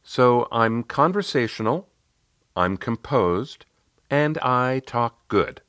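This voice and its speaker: A man's voice: fairly high pitch, huge pitch swings, moderate pace, a bit bright, no echo, studio quality, pitched above the performer's own voice, exaggerated voice. A man putting on a perky young professional woman. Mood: bright. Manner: lilting, slightly perky.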